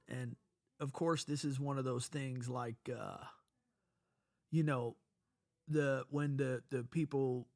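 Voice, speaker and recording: A man's voice: medium pitch, gravelly, dry recording, clean studio sound. A man with a stuffy nose telling a personal story in a casual, rambling way, swearing often and restarting his sentences. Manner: profane, rambling, animated, with many restarts. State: stuffy from a cold.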